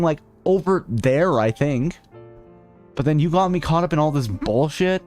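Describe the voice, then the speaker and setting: A man's voice: fairly high pitch, lively intonation, a little slow, darkish tone, faint music behind. A man streaming a video game, joking and ranting sarcastically while reading the on-screen text aloud. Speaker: VTuber streamer. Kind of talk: casual let's-play commentary.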